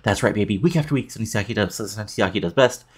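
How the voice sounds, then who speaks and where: A cocky male wrestling champion, as a man puts him on in a game playthrough, boasting about himself in the third person. His voice sits low and his delivery is quick. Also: slightly rough. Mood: boastful.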